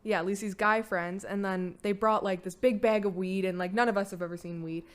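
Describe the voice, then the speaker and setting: The host's daughter, a young adult, appears as a podcast guest and talks through her past with candor in a relaxed chat. Her smooth, clear voice sits mid-pitch, moving fairly quickly, and she's blunt and casual, with plenty of "like" fillers and the occasional curse.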